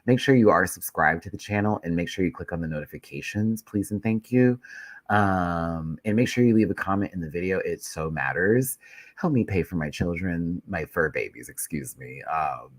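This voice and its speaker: A man's voice: low voice, animated, normal speed, no echo. A man hosting a live YouTube stream in a loose, chatty way, stuffy with a head cold and swearing freely as he rambles. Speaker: YouTube recap host. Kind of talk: casual live-stream chat.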